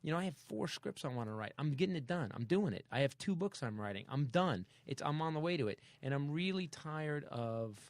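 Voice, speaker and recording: A man hosting a comedy podcast, telling a story in a casual, animated way and acting out sound effects. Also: a little high, a little fast, few pauses, no echo. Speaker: podcast host.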